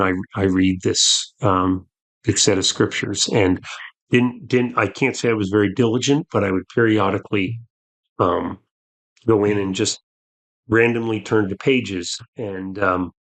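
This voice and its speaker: Low-pitched guy telling his story, kinda halting, lots of restarts. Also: fairly bright tone. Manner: earnest, halting, with restarts and acted quotes. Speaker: podcast guest. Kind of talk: storytelling a personal conversion story.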